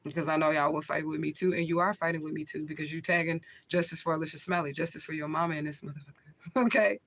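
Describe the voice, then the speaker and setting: A woman's voice: deep voice, steady tone, fast talker, fairly bright tone. Emotional, profane woman livestreaming. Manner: emotional, blunt and profane, with frequent laughs. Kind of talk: casual livestream talk to camera.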